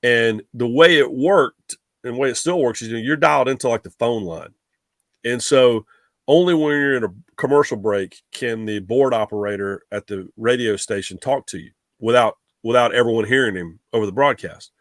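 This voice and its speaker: Animated middle-aged man, dry sound. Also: medium pitch, normal speed, dry recording. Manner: animated, rambling with restarts. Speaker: guest sportswriter. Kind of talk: casual storytelling.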